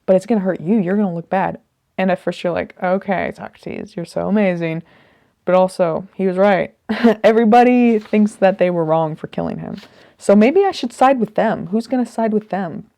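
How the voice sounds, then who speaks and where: A woman's voice: mid-range voice, moderate pace, warm tone, dry recording. A woman musing casually about a book she is reading, rambling and thinking aloud as she goes. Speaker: host reflecting on a reading. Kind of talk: casual spoken commentary.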